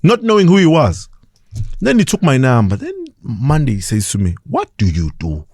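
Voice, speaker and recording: A man's voice: medium pitch, moderate pace, no room sound, clean studio sound. A South African man on a podcast, telling stories in a casual interview and acting out the people he quotes. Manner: animated, acts out quoted voices, laughs often. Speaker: podcast guest.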